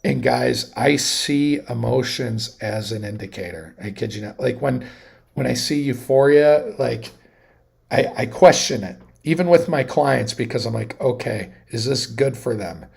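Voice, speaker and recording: A man in his thirties hosts a casual livestream in a heavily gravelly, fried voice. His tone is husky, and he talks in a loose, rambling way, restarting sentences and getting animated as he goes. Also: medium pitch, a little slow. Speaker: livestream host.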